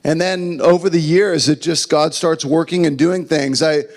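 A man's voice: fairly high pitch, fairly even intonation, normal speed, big-room sound. A man preaching a sermon as the pastor of his church, earnest and conversational, telling a joke along the way. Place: church building.

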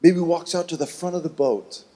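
A man preaching a sermon, telling a Bible story in an animated way and acting out the voices of its people. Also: a little high, normal speed, long reverb tail. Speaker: pastor.

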